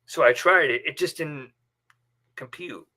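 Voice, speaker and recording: A man's voice: fairly high pitch, unhurried, pushed and bright. Male stream host, chatty and rambling, recorded at home. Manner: rambling storyteller with many fillers. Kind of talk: casual live stream chat. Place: bedroom at home.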